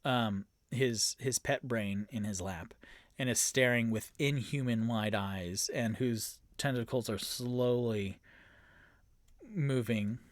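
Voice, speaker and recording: A man's voice: mid-range voice, slow, no room sound. A man narrating a tabletop game alone as game master and player, rambling with many fillers and bursting into groans of dread. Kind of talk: solo tabletop actual-play narration.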